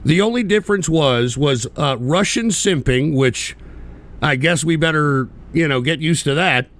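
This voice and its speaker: A man's voice: on the high side, a little slow, a bit bright. A man hosting an online political show, ranting bitterly and profanely in a repetitive way. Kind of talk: livestream rant.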